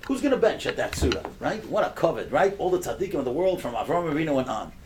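An older man giving a sermon through stories, swinging from hushed storytelling to loud, impassioned preaching. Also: a little high, big pitch swings, fast talker, noisy background.

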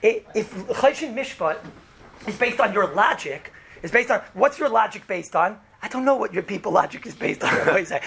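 A man's voice: high-pitched, lively intonation, moderate pace, vocal fry, fairly bright tone, slight background noise. A man giving an informal religious law lesson in a conversational way, often asking "right?" and acting out the people in his examples. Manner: conversational, often asks "right?", acts out quotes. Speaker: Torah teacher.

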